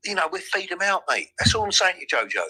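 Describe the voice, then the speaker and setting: A man's voice: high-pitched, big pitch swings, very fast, pushed and bright, slightly rough, rough recording. A man with a London accent, talking insistently in a heated live audio chat and repeating himself, calling everyone "mate". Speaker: crypto community member.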